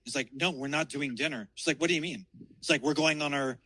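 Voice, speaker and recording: A man's voice: on the high side, fast, pushed and bright, breathy edge, no room sound, rough recording. Rambling, profane man telling a story. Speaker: caller. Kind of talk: casual storytelling. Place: outdoors in a city downtown.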